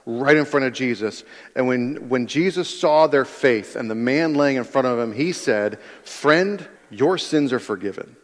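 A man's voice: medium pitch, normal speed. A man preaching a sermon in an earnest way, repeating key phrases for emphasis. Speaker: pastor. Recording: long hall reverb.

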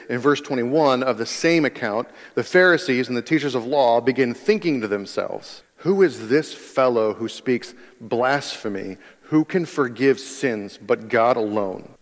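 A man preaching a sermon in an earnest way, repeating key phrases for emphasis. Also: mid-range voice. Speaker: pastor. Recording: long hall reverb.

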